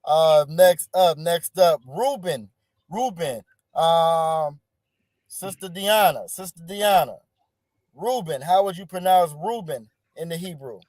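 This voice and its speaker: A man's voice: a little high, expressive, slow, darkish tone, no room sound, studio quality. A man teaching an online class over a video call, encouraging his students and often repeating words.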